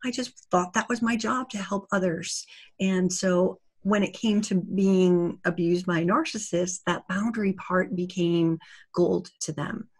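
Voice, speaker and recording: Woman, summit speaker, earnest and conversational, lowish voice. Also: fairly even intonation, unhurried, husky. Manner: earnest, conversational, acts out little dialogues. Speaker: summit speaker on narcissistic abuse recovery. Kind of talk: interview-style talk.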